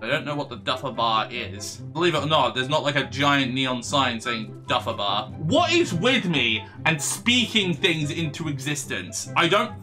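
A man's voice: medium pitch, very animated, moderate pace, hardly any pauses, pushed and bright, faint music behind. A man commentating a let's play on stream, joking, swearing and bantering with the characters through a desk mic. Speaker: gaming streamer.

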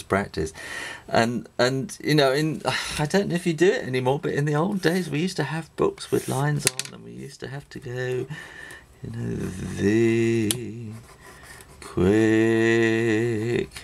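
A man's voice: medium pitch, gravelly. A middle-aged man with an English accent explaining drawing in a casual, rambling way, with many fillers and restarts while he draws. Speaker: drawing teacher. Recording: faint noise with pen and writing sounds.

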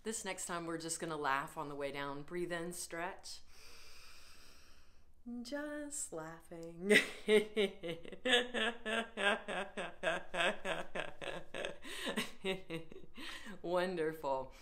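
A middle-aged woman leading a laughter yoga session, giving encouraging, unhurried instructions. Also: deep voice, steady tone, a bit bright. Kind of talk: guided laughter exercise.

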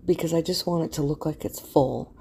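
A woman's voice: sits low, brisk, gravelly, mellow, breathy edge. A middle-aged woman casually talking through a craft project in a rambling way, often losing her words. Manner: rambling, loses words, yawns while talking. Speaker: craft channel host. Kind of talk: casual craft tutorial voice-over.

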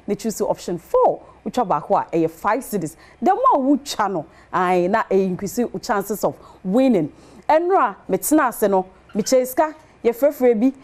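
With a mid-range, slightly mellow voice, this woman hosts a lively TV chat show. Her delivery is sing-song, with words repeated in rhythmic runs, and she reads on-air promos.

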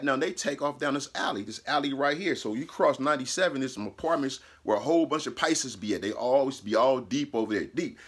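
A man casually telling a personal story, animated and profane, laughing mid-sentence and acting out what people said. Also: a little high, slightly rough.

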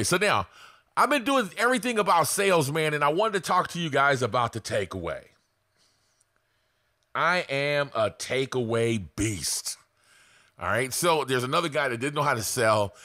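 A man's voice: medium pitch, bright, forceful tone, no room sound, clean studio sound. A man giving casual, blunt sales coaching to camera, swearing freely.

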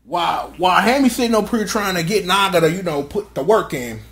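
A man giving a comedic, casual recap of an episode in animated, slangy, jokey storytelling. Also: high voice, fairly quick. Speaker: show reviewer.

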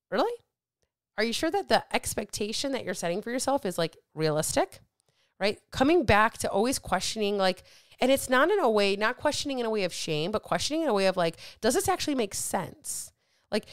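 A woman's voice: on the high side, big pitch swings, moderate pace, smooth, no room sound, clean studio sound. A woman coach hosting her podcast, talking bluntly and emphatically to her listeners and swearing freely as she motivates them. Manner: motivational, addresses listeners directly. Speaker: weight loss coach and podcast host. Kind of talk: casual podcast monologue.

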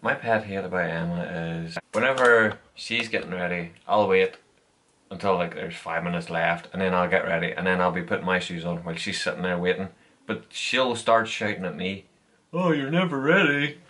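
A man's voice: sits low, steady tone, normal speed, bright, forceful tone. A young man, chatting casually and teasing his girlfriend in good humour. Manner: laid-back, complaining in good humour. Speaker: vlogger's boyfriend. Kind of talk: casual chat.

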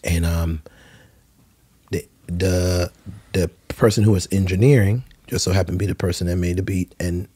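A man's voice: sits low, steady tone, normal speed, dark tone, slightly rough. A man from the US Virgin Islands with a Caribbean accent, telling a story as a podcast guest in a laid-back, rambling, slangy way. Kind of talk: animated storytelling.

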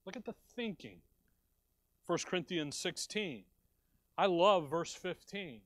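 A man's voice: sits high, fairly bright tone, no echo. A man preaching a sermon from the pulpit, talking conversationally and rising to emphatic bursts. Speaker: pastor. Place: church sanctuary.

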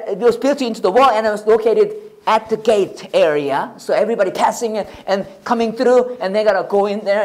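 A pastor with a Korean accent preaching a sermon, animated and often checking with the audience. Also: male voice, high-pitched. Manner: animated, repeats and restarts, asks the audience "right?".

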